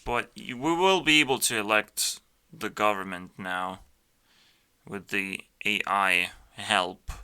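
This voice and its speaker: Slow, profane ranting man. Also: on the low side, bright, forceful tone, clean tone. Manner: blunt, profane, full of fillers and restarts. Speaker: youtuber reacting to videos. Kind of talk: casual ranting commentary.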